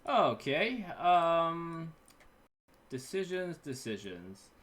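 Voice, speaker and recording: Guy on voice chat thinking out loud, lots of restarts, bright lively voice. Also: a little high, extremely slow. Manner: hesitant, restarts often, then defensive bursts. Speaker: board game player. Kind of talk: casual game chat over voice call.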